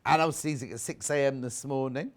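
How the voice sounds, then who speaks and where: A man's voice: mid-range voice, a little fast. A man presenting a live TV shopping show, chatting casually and reading out viewer messages. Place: TV studio.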